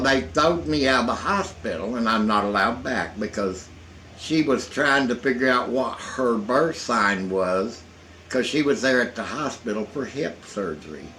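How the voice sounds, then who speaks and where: A man's voice: medium pitch, bright, forceful tone, a little hiss or hum, poor audio. An older man who tells folksy jokes and stories in a rambling way, sitting indoors. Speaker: storyteller. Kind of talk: casual folksy joke-telling. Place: indoors in a hot room.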